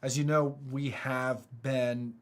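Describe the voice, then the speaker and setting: A man from the United States speaks at a middle pitch in a casual online talk. He sounds earnest and halting, often stopping and restarting his sentences as he works through his thoughts. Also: little pitch movement. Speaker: motivational speaker.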